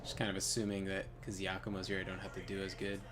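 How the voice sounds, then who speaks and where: A man's voice: deep voice, completely flat delivery, fast talker, background noise. A man hosting a gaming video, telling a casual story while he plays, rambling with lots of fillers and frequent laughs. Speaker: gaming channel host.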